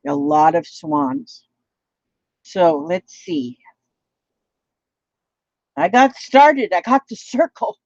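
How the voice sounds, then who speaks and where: A woman's voice: lowish voice, very animated, very slow, pauses often, darkish tone, no echo. A woman from Minnesota with a Midwestern American accent, chatting in a rambling, playful way while she crafts and reads out viewer comments. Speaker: craft vlogger. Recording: dull lo-fi home recording.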